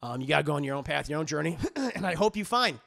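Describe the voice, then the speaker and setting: A man's voice: lively intonation, quick pace, gravelly, a bit bright. A man voicing a sad, mild young man who mumbles meekly. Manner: mumbled, meek, low.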